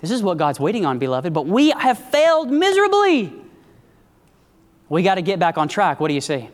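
A woman preacher delivering a sermon, calling for amens from the congregation and swinging between high emphatic lines and low hushed ones. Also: wildly swooping pitch, a little fast. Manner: call-and-response, asking the congregation for amens. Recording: long hall reverb.

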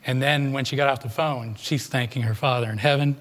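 A man's voice: medium pitch, fairly even intonation, fairly quick. A man preaching a sermon, retelling a congregant's story and putting questions to his listeners. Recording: long hall reverb.

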